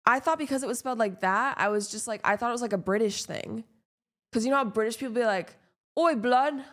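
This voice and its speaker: A woman's voice: a little high, fairly bright tone. A young woman, chatting casually with her stream while gaming, rambling and self-deprecating with lots of fillers.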